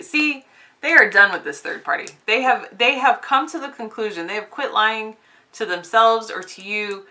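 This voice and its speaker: A woman with a crisp, bright voice talks her way through a tarot spread for her viewers. She is chatty and informal, calls her audience y'all, and keeps slipping into little giggles as she turns the cards. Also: medium pitch, animated, moderate pace, rough recording. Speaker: tarot reader. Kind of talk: casual collective tarot reading.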